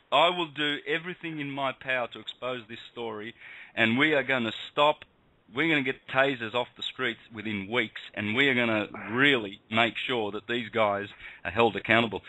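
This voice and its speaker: A man's voice: mid-range voice, pushed and bright, no echo, rough recording. A man from Australia hosting a talk radio show, ranting with fiery passion.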